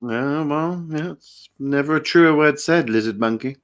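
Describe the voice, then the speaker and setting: A man's voice: a little high, unhurried. A man co-hosting a casual comedy chat, joking and slipping into silly voices. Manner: jokey, lively, puts on silly voices in quotes. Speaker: podcast co-host.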